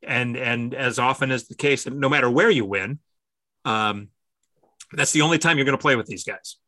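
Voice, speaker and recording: A man's voice: mid-range voice, normal speed, pushed and bright, no echo. A man hosting a sports interview, asking questions in a friendly, affirming way. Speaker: interview host.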